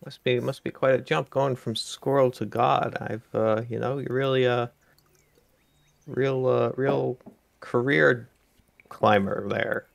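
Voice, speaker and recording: A man playing a tabletop game, speaking very slowly with a gravelly, creaky edge. He hesitates often, restarting his sentences. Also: medium pitch, steady tone, no echo. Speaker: player.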